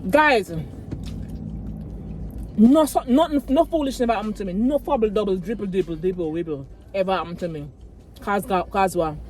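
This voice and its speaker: A woman's voice: mid-range voice, moderate pace, darkish tone, low-quality recording. Earnest Jamaican woman testifying in a car. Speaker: vlogger. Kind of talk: casual chat.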